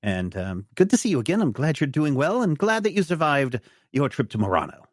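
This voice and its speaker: A man's voice: on the high side, big pitch swings, brisk, dry recording, studio quality, pitched above the performer's own voice. A man doing a dithering polite doctor. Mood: distracted. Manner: hesitant, fussy politeness with "uh"s. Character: absent-minded polite male doctor, scientist type.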